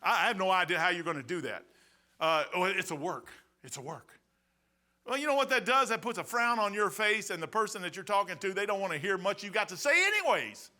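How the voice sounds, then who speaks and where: A male pastor preaching a sermon in church, telling stories in an animated, colloquial way. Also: high voice, fast, hardly any pauses. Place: church, behind the pulpit.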